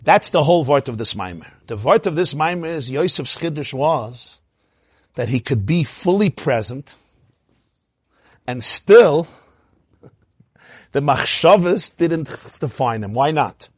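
A man giving an animated lecture on Hasidic teaching as a Torah teacher, firing rhetorical questions and often laughing. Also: fairly high pitch, slow, long pauses, breathy edge, no echo, clean studio sound.

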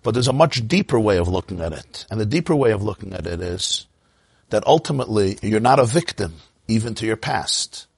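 A man's voice: fairly low pitch, animated, a little fast, gravelly, husky, no room sound. A man talking reflectively in conversation, teaching and explaining terms as he goes.

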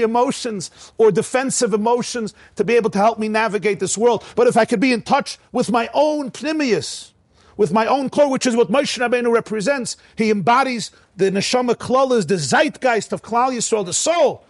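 A rabbi giving a sermon in a fairly high voice, telling stories with energy and acting out each voice. The sound is close and dry, with no room echo. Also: male voice, moderate pace. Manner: animated storytelling, acting out quotes.

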